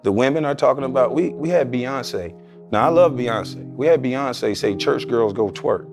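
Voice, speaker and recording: A former basketball player speaks as a podcast guest with a gravelly, creaky voice. He argues his point bluntly and with emphasis. Faint music plays underneath. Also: medium pitch, animated, normal speed. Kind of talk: podcast interview.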